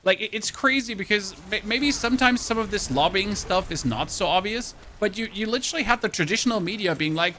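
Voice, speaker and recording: A German man chats casually while streaming a game, rambling and often repeating words as he reads out and thanks his subscribers. His high voice is pushed and bright, running a little fast with few pauses.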